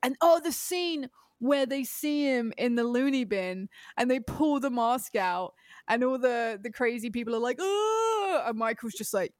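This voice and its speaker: A woman's voice: on the high side, normal speed, darkish tone, no room sound, studio quality. Giggly British woman hosting a podcast. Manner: giggly, rambling, playfully over the top. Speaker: podcast host. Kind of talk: casual chat.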